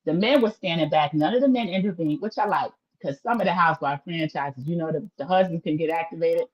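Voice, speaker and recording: A woman's voice: fairly low pitch, brisk, lo-fi sound. A woman hosting a casual livestream recap of a reality show, chatty and opinionated, talking straight to her viewers.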